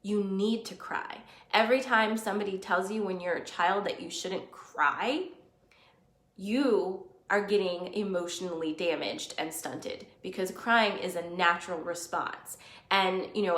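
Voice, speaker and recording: A woman's voice: on the low side, fairly bright tone, reverberant. A woman hosting a live stream, talking earnestly and conversationally and reading out viewer comments. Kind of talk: casual live-stream talk.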